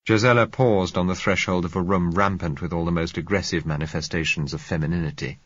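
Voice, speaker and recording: A man narrates a novel in a measured, dry, wry manner. His voice is very low and husky. The recording is dry and dull, with a lo-fi sound. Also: fairly even intonation, fairly bright tone, no room sound. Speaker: audiobook narrator. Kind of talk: scripted narration.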